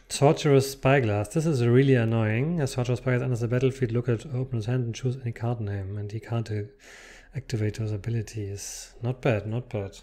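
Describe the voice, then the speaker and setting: A man's voice: medium pitch, dark tone. A man casually commenting while unboxing trading cards, reading card text aloud between muttered asides.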